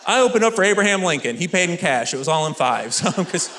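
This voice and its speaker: A man in his thirties doing a stand-up comedy routine, telling energetic, self-deprecating stories on stage. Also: sits high, fast talker. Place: comedy stage with live audience. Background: faint audience laughter and room noise.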